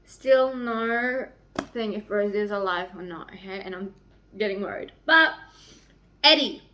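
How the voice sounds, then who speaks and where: A woman's voice: mid-range voice, a little slow, sharp tone, slight background noise. A young woman talking casually in a book vlog, emotional and rambling, swearing a lot. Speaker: book vlogger.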